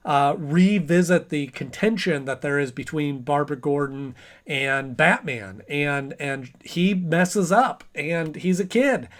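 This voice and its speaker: Man in his thirties, cartoon review host, slightly high voice, casual chat, playful. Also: slow pace, a bit bright. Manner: chatty, acts out quotes in funny voices.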